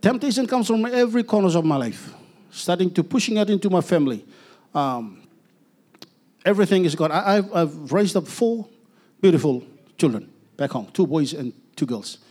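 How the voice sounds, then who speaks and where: A middle-aged man giving an earnest personal testimony as a preacher, halting with restarts and letting phrases trail off softly. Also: high-pitched, animated.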